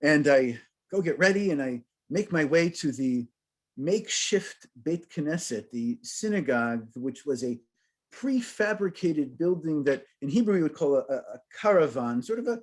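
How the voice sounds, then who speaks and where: An American man, a rabbi, giving a storytelling sermon to a congregation with humor and lively questions. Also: on the high side. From United States.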